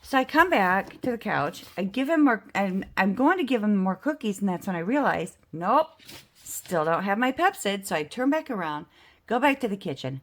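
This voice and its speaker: A woman's voice: medium pitch, normal speed. Chatty self-mocking woman telling a story. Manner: chatty, self-mocking, animated storyteller who acts out the other people's lines. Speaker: budget and game-night vlogger. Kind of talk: casual storytelling while playing a game.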